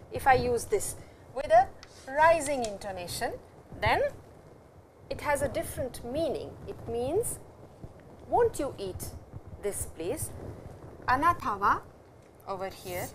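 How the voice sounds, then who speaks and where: A woman teaching a language lesson, explaining slowly and repeating each example sentence. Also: high-pitched, very animated, a little hiss or hum, rough recording. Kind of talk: classroom lecture.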